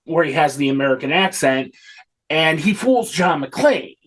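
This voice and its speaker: A man's voice: fairly high pitch, animated, a little slow, a bit bright. A man co-hosting a casual film discussion, enthusiastic and swearing freely. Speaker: podcast co-host.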